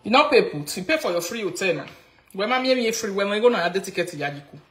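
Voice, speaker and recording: Nigerian woman, mocking live rant, mid pitch, echoey room, faint noise. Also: fast talker. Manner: mixes Pidgin and local languages, mocking, animated. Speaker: social media commentator. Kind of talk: casual live-video rant.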